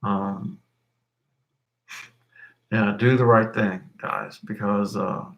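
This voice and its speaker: A man's voice: lowish voice, fairly even intonation, extremely slow, creaky, fairly bright tone, dull audio. A middle-aged man teaching history over a live stream, rambling and correcting himself with many fillers.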